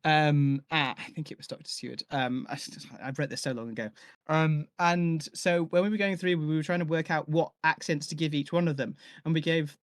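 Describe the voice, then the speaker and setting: A man's voice: a little high, brisk, no room sound. Hesitant man with a dry close sound. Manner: hesitant, many fillers and restarts. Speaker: audio drama maker. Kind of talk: casual chat on a live stream.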